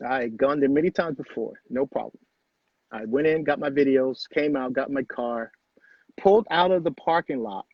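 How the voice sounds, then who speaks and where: A middle-aged man speaks in a husky, somewhat high voice, telling his own story with earnest emphasis and repeated phrases. The sound is dry and close, with a dull, lo-fi home-recording quality. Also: no echo. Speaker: guest. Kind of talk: personal storytelling in conversation.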